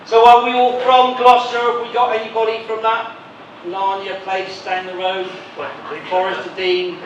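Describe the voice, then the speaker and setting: A man's voice: high-pitched, completely flat delivery, moderate pace, muffled recording. A male comedy club host doing teasing crowd work at a live venue, with flu. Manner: cheeky, teasing banter with the audience. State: has flu. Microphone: stage microphone. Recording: echoey venue from far off, noisy.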